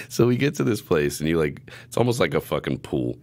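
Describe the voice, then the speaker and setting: Very deep, gravelly man telling stories. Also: big pitch swings, fast, few pauses. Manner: profane, laughing storyteller. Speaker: podcast host. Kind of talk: casual podcast chat.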